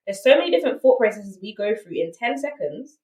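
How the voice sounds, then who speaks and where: A woman with a South London accent tells her story on a podcast as a guest, candid and emphatic, often asking "right?" as a rhetorical aside. Her mid-range, slightly mellow voice swings widely in pitch and moves fast. It's a rough recording in an echoey room, far from the mic.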